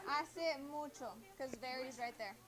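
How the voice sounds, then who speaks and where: A woman's voice: sits high, normal speed, a crowd in the background. A woman teaching a Spanish class in a school classroom, drilling students on phrases and patiently correcting their answers.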